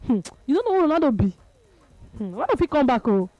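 A Nigerian woman hosts a casual chat show, telling stories playfully. Her voice sits a little high. It sounds dry and close to the mic. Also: fast talker, no room sound, muffled recording, soft background music. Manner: lively, laughing, playful storytelling. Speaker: radio show host.

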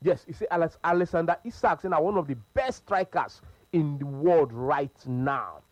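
A man with a Nigerian Pidgin accent hosting a casual sports radio show, animated and repetitive, laughing often. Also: a little high, normal speed, no room sound, soft background music, low-quality recording.

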